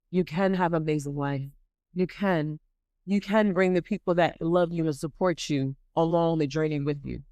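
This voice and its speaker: A woman hosting a podcast who gives an animated, dramatic motivational faith talk and repeats points for emphasis. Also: low voice, no room sound, studio quality. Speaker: podcast host.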